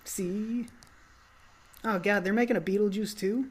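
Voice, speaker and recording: A woman's voice: mid-range voice, unhurried, a little mellow, slightly rough. A woman co-hosting a podcast, chatting casually and enthusiastically about movies and swearing loosely. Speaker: podcast co-host.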